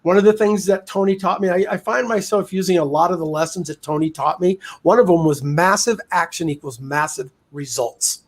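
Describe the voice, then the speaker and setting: Man, high voice, energetic candid storyteller, podcast guest. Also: a little fast, few pauses. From United States. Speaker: podcast guest, real estate investor. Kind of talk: casual storytelling interview.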